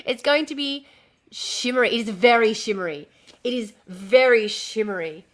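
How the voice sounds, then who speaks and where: With a high-pitched, expressive, slightly bright voice at a moderate pace, a woman streams casually. She drifts from point to point, swears a lot, and shows the dress she's sewing.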